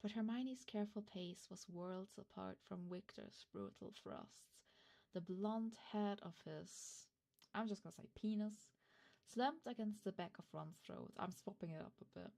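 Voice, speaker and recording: Woman streamer, non-native English speaker, slight vocal fry, hesitant, flustered, reads aloud with asides. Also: mid-range voice, animated, measured pace, dark tone. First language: not English. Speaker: streamer host. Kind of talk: reading fan fiction aloud and chatting with viewers.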